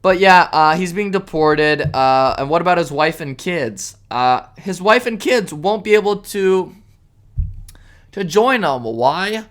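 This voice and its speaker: A man's voice: sits high, animated, slow. Sarcastic, indignant man ranting solo. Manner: swings between loud outbursts and muttered asides. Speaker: podcast host. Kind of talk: solo opinion rant.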